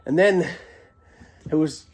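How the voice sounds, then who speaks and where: A man telling a comic personal story into a handheld camera, excitable and prone to giggling, shouting when he quotes himself. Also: a little high, slow pace, slightly rough.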